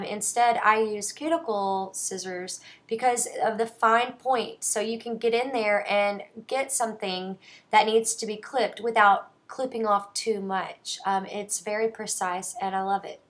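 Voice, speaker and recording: A woman's voice: mid-range voice, fairly bright tone. A young woman vlogger chatting casually through her nail care products, enthusiastic and full of "um" fillers. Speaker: beauty vlogger.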